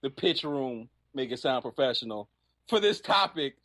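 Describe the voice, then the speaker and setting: A man's voice: medium pitch, animated, moderate pace, fairly bright tone, no room sound. Wry teasing man, dry mic. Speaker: podcast co-host. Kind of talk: casual banter.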